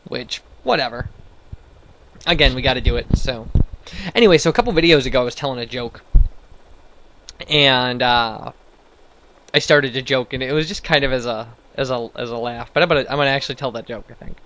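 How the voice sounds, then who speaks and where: A man's voice: mid-range voice, brisk, long pauses, sharp tone, a little hiss or hum, rough recording. A man giving casual, rambling let's-play commentary, self-deprecating and full of restarts. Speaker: gameplay commentator.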